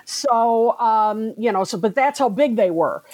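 A woman's voice: fairly high pitch, expressive, a little slow, a little mellow, no room sound. A woman co-hosting a podcast, chatting informatively about sixties music history. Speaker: podcast co-host. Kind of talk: casual music history chat.

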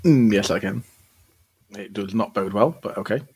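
A man's voice: lowish voice, normal speed, darkish tone, husky. A man playing a tabletop game, enthusiastic and jokey. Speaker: player. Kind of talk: casual tabletop play.

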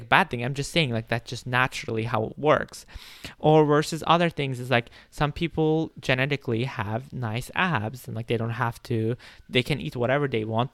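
A young man talks on his own podcast in a loose, rambling way, stacking fillers and restarting his sentences. His voice has a gravelly edge at a middle pitch. The sound is dry and close, with no room around it. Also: fairly bright tone, no room sound. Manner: laughs between phrases. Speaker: podcast host. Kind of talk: casual solo podcast talk.

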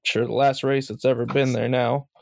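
A man taking part as a player in a tabletop role-playing game, talking in a relaxed, casual way. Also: mid-range voice, moderate pace, gravelly, dry recording.

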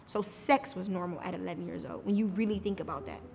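A woman's voice: on the low side, fast, creaky, a little mellow. A woman telling her own story on a podcast, casual and candid, often saying "like". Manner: casual, frequent "like" fillers. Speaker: podcast guest. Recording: reverberant room with faint music.

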